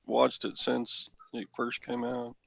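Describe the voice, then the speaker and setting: A man's voice: medium pitch, monotone, slow, vocal fry, fairly bright tone, no echo, poor audio. A man co-hosting a morning radio show, chatting easily and recalling things. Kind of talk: casual radio chat.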